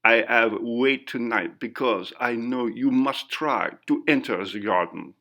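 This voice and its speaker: A man's voice: medium pitch, measured pace, bright, forceful tone. A man voicing a stern, protective French head waiter who speaks broken English with a French accent. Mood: earnest.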